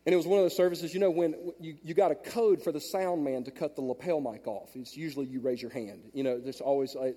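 A male pastor preaching a sermon through a handheld mic in a large church auditorium, storytelling and swinging from hushed asides to loud emphatic peaks. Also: a little high, long reverb tail.

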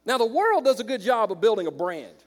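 A man preaches with fiery conviction, his fairly high voice dropping to hushed asides before climbing to ringing declarations. Long reverb carries his words through a large church hall. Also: big pitch swings, brisk. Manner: impassioned, swings from hushed to loud. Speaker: pastor. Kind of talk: sermon.

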